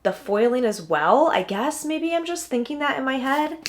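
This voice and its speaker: A woman's voice: sits high, animated, normal speed. A young adult woman booktuber in casual unboxing chat, gushing and chatty with lots of "like"s.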